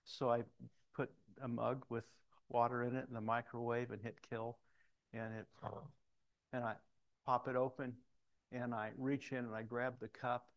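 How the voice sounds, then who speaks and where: A middle-aged man preaches a sermon in a mid-range voice, with flat delivery at a normal speed, and the audio is lo-fi. He tells personal stories and acts out the voices of the people he quotes.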